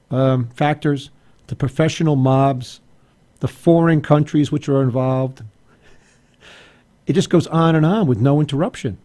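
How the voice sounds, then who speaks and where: A man's voice: fairly high pitch, dark tone. A male talk radio host giving opinionated commentary in a wry, exasperated way, often repeating words as he goes.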